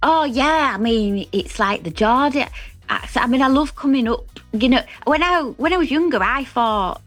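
A woman's voice: high voice, lively intonation, moderate pace, a bit bright, no echo, faint music behind. A woman comedian with a Hull accent, chatting in a rambling, self-deprecating way and laughing often during a radio interview. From Hull, England. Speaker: comedian guest.

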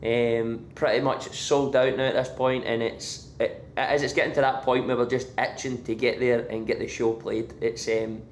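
A man's voice: mid-range voice, flat delivery, moderate pace, hardly any pauses, echoey room, a little hiss or hum. A Scottish man, a band member guest, talking casually with many fillers and restarts. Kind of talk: casual interview. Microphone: remote line from abroad.

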